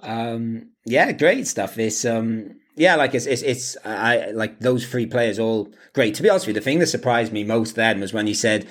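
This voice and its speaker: A man's voice: mid-range voice, moderate pace, hardly any pauses, fairly bright tone. A man co-hosting a casual podcast, rambling with many fillers and restarts and laughing often. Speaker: podcast co-host. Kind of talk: casual chat.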